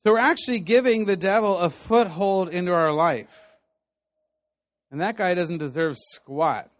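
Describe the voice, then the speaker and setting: A man with a fairly high voice preaches in a relaxed, conversational way, telling stories with plenty of animation. The sound is dry and close, with no room echo. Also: measured pace. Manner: conversational, animated storytelling with laughs. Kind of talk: sermon teaching.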